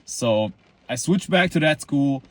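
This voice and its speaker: A man's voice: mid-range voice, expressive, a little slow, a bit bright, no echo. A man in his twenties telling a story to a camera outdoors in the cold, rambling and boastful, full of likes and restarts. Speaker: vlogger.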